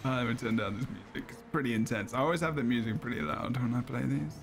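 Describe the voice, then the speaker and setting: A man's voice: medium pitch, quick pace, vocal fry. A man hosting a gaming podcast, easygoing and chatty, laughing often as he talks. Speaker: podcast host. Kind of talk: casual gaming chat. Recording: loud game music behind.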